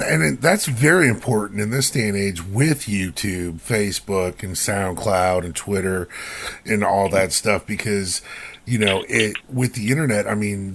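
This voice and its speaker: Easygoing male interviewer, slightly low voice, casual and chummy. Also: vocal fry, a bit bright, breathy edge. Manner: laid-back, says "man" a lot. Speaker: podcast host.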